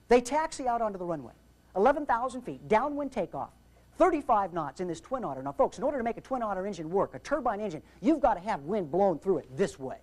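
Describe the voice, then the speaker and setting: A man giving a humorous aviation safety talk, telling anecdotes in an animated, theatrical way with jokes. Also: high voice, fast. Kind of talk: humorous storytelling seminar talk.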